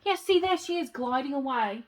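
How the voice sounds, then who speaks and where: A woman's voice: high voice, lively intonation, normal speed. A young woman vlogger reading a children's book aloud and breaking off for sarcastic, joking commentary.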